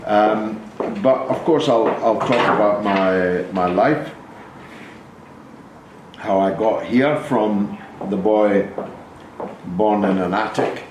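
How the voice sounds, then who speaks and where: A man's voice: lowish voice, takes it slowly, pauses often. A Scottish man in his sixties, from Dundee, giving a plain-spoken talk with wry asides to a packed theatre audience. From Dundee, Scotland. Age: 60s. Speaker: host speaking at his own roadshow. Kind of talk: public talk to a live audience. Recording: echoey theatre with background noise.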